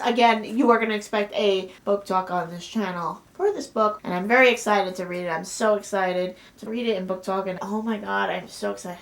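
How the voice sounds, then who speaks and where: A young woman chats through a book haul vlog in a slightly high voice. She gushes about every book, repeats how excited she is, and breaks into squeals and hushed whispers. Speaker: book vlogger.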